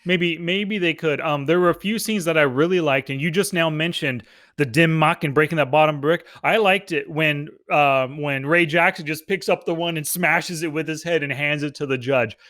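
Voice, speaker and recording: A man's voice: on the high side, moderate pace, a bit bright, no echo, clean studio sound. A man co-hosting a movie review podcast, chatting in an enthusiastic, easygoing way and laughing often. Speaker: podcast co-host. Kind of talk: casual movie review chat.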